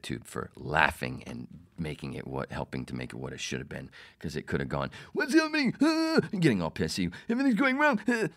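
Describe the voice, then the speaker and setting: A middle-aged man hosting a podcast, telling a profane story about his radio producer days in a casual monologue and acting out the quotes. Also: a bass voice. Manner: profane, animated, acts out quotes.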